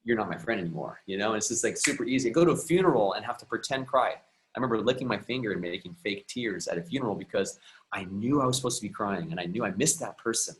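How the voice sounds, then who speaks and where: A man's voice: on the low side, quick pace, slight background noise, low-quality recording. A man speaking as a guest coach who tells a personal story earnestly and reflectively, often restarting his sentences. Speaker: guest, emotional and relationship coach.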